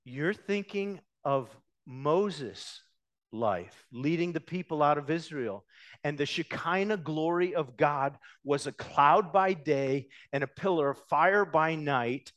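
A man preaching a sermon, swinging between loud emphatic passages and quiet, hushed ones. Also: a little high. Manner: dynamic preaching, rising loud then dropping to hushed. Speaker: pastor.

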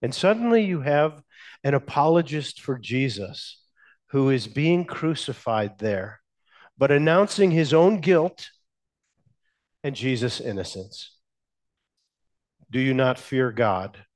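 A man preaching a sermon as a pastor, speaking in slow, measured phrases with emphatic pauses and asking the congregation questions. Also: a little high, big pitch swings, a little mellow.

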